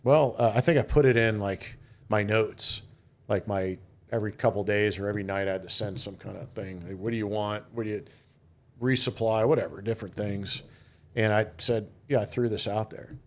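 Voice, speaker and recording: A man's voice: lowish voice, steady tone, normal speed. A middle-aged man, a retired military officer, telling rambling anecdotes and quoting others in a casual interview. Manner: rambling anecdotes with quoted voices. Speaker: guest, retired Marine officer.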